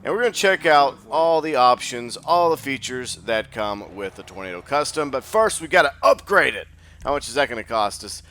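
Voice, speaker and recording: Sleepy from just waking up, a male gaming channel host rambles through casual gameplay commentary, thinking aloud and using many fillers. His mid-range voice is sing-song, pushed and bright, at normal speed.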